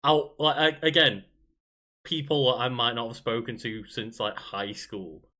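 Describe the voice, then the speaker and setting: A man's voice: medium pitch, a little slow, bright, forceful tone. A man co-hosting a podcast in casual chat, laughing often and telling stories loosely, with many fillers. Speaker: podcast co-host.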